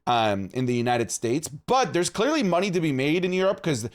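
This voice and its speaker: A man's voice: a little high, big pitch swings, normal speed. A man from Canada co-hosting a podcast, talking in a playful, jokey way. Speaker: podcast co-host. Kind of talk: casual chat.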